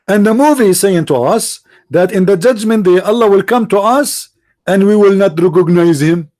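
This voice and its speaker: A man's voice: high voice, moderate pace, darkish tone, dry recording. Sarcastic, taunting man streaming live. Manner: sarcastic, taunting, direct address to opponents. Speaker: religious debate streamer. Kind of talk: mocking live-stream polemic.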